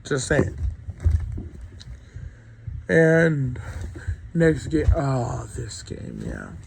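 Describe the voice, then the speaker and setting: A man's voice: mid-range voice, huge pitch swings, extremely slow, vocal fry, background noise. A young man with a cold giving a rambling, opinionated college football recap, full of ums. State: sick, coughing. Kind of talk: casual sports recap monologue.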